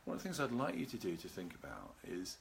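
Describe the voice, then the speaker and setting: A seminar host with a very deep voice and some vocal fry gives a calm, unhurried live video talk on relaxation. He greets live viewers by name from his home, a garden behind him, with faint noise in the background.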